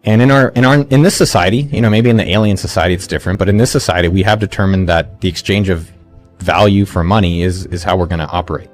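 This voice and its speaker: 40s guy rattling off startup advice, quick, acts out what people say, low-ish voice. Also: faint music behind. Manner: energetic, restarts often, acts out quotes. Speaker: entrepreneur guest. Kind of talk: motivational interview talk.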